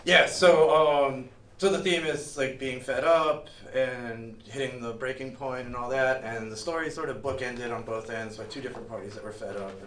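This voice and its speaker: A man's voice: medium pitch, slight background noise. A man from Miami tells a personal story at a live storytelling night, talking loosely with lots of fillers, recorded in an echoey room from far off. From Miami, USA. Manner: rambling, loose, full of "like" fillers. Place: museum event room, live audience.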